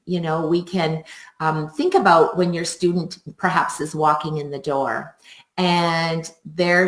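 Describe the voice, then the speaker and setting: A woman teaching music teachers in a live webinar, upbeat and expressive, laughing often. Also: low voice. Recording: roomy echo.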